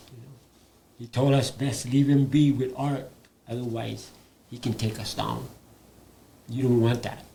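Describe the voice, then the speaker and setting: Older man, gravelly, animated storyteller guest on a live panel, faint noise behind. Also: medium pitch. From Hawaii. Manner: animated storyteller who laughs between points. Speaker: guest, indigenous elder and artist.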